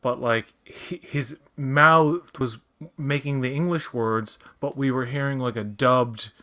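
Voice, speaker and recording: A man's voice: medium pitch, slow pace, bright, forceful tone. A man co-hosting a casual watch-along, talking through his thoughts with restarts and trailing sentences. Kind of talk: casual commentary chat.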